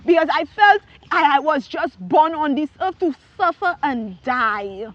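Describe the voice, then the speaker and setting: A woman gives a preached testimony in a high, emphatic voice, throwing out rhetorical questions and breaking into shouts. The sound is dry and close, with a slightly dull, muffled top end. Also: lively intonation, unhurried, no room sound. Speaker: testimony speaker.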